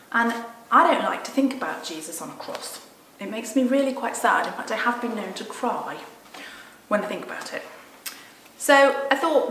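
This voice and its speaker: A woman, a children's Sunday school leader, gently and expressively reading a storybook aloud. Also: mid-range voice, echoey room, a little hiss or hum, poor audio.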